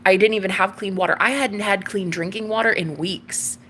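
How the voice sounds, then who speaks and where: A woman's voice: medium pitch, brisk, a bit bright, slight background noise. Gushing, chatty young woman vlogger. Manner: gushing, chatty, calls listener girl and babe. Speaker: tarot reader and vlogger. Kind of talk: casual confessional monologue to camera.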